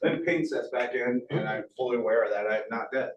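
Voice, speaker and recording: A man tells a harrowing survival story to a room full of colleagues, earnest and animated, with a folksy, joking streak. He sits at a moderate pitch and is picked up from across an echoey meeting room. Faint hiss runs underneath. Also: brisk, far from the mic, dull audio. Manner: earnest, animated, folksy with self-deprecating humor. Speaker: guest speaker. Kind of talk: motivational storytelling talk.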